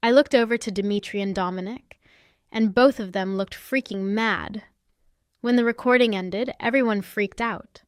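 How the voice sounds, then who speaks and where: A woman's voice: mid-range voice, normal speed, clear, resonant tone, dry recording, studio quality. A woman narrating a first-person family-drama story in a sassy, confiding way.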